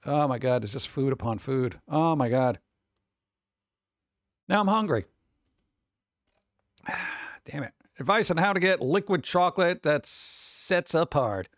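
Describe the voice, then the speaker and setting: A man streaming casual reaction chat, rambling and joking, breaking into quick put-on voices for his bits. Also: on the high side, lively intonation, no room sound.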